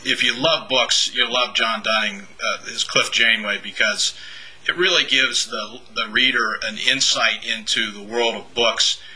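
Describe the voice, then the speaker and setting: Bright, raspy-toned radio host. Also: male voice, medium pitch, steady tone, a little slow, poor audio. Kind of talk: radio interview.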